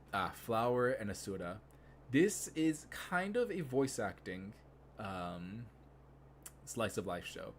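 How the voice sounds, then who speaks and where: A man's voice: on the low side, a little hiss or hum. A young man streaming live, rambling casually with many fillers and restarts.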